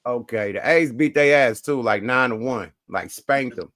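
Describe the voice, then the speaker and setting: A man telling a story in casual chat, animated and slangy, acting out both sides. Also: mid-range voice, normal speed, no echo, studio quality. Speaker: host.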